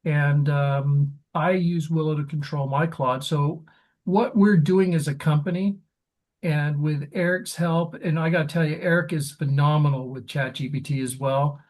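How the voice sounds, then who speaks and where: Relaxed man, slightly high voice. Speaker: co-host. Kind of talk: casual webinar talk.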